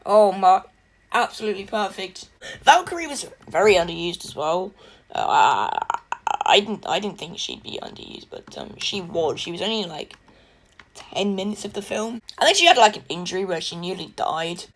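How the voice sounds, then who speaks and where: A woman's voice: medium pitch, very animated, moderate pace. Chatty, gushing woman film reviewer. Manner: chatty and gushing, with frequent laughs. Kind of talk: casual spoken film review.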